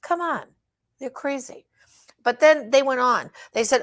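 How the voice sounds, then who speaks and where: A woman's voice: high-pitched, a little slow, long pauses, a bit bright. A woman hosting an advocacy show, speaking straight to her listeners in an emphatic, exhorting way with rhetorical questions. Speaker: host of a pro-life advocacy show. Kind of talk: direct address advocacy talk.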